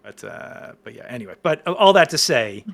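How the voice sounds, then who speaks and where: A podcast guest in his forties tells stories at a moderate pace in a medium-pitched voice with vocal fry. The chat is casual, and he rambles excitedly, restarting many times.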